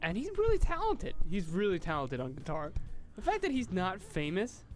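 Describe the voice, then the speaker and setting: A young man rambles and giggles through a casual podcast review. His pitch jumps around lively as he talks. Faint music plays behind him. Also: normal speed. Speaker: podcast co-host. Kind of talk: casual chat reviewing a sitcom.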